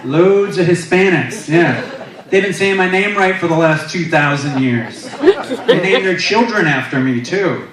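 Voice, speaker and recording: Irritated, sarcastic heavenly figure, a comic doing the voice, heard echoing from afar. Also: male voice, fairly high pitch, animated, unhurried, a loud crowd. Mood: sarcastic scolding. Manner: sarcastic, lecturing. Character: angry, sarcastic male deity scolding a newcomer. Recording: echoey club from a distant mic.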